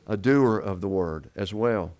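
A man's voice: fairly low pitch, unhurried, a little mellow. A man preaching a sermon to his congregation, asking them questions and answering them himself. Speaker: pastor.

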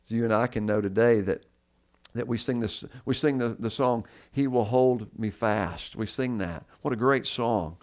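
A man's voice: medium pitch, normal speed, darkish tone. Earnest male pastor repeating for emphasis. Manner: earnest preaching, repeats key words for emphasis. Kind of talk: sermon.

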